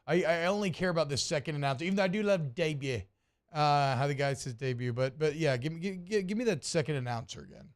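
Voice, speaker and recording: A man with a fairly high speaking voice co-hosts sports radio from the studio. He talks in a loose, rambling way, cracks jokes at his own expense and jumps into live ad reads with playful energy. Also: lively intonation, quick pace. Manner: playful, rambling, self-deprecating.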